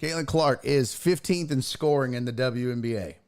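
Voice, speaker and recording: A man's voice: medium pitch, moderate pace. A man hosting a casual livestream sports talk show, swearing freely as he reads chat comments aloud and answers them.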